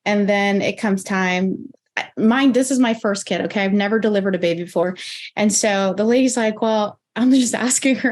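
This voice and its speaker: A woman in her thirties, a podcast guest, telling a personal story in a lively way, acting out what she and others said and using "like" often. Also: mid-range voice, normal speed. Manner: animated, acts out her own and others' quoted lines with lots of "like".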